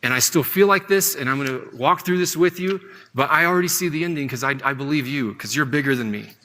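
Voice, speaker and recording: Man, Bible lesson, conversational teaching, bright voice, echoing hall. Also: on the high side, fast talker. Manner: conversational, often asks "right?". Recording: long hall reverb.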